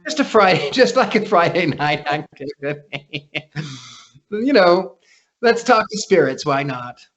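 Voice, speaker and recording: This guest psychic, chatting in a relaxed interview over a remote call, tells his stories with frequent restarts. His high voice is animated and unhurried with a fairly bright tone, though the highs are cut off.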